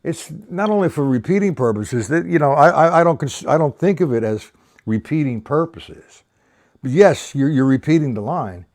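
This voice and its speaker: A man's voice: fairly high pitch, expressive, normal speed, darkish tone. An older man teaching drums on a live stream, opinionated and rambling, counting beats aloud as he explains. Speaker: drum teacher. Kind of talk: live-streamed drum lesson.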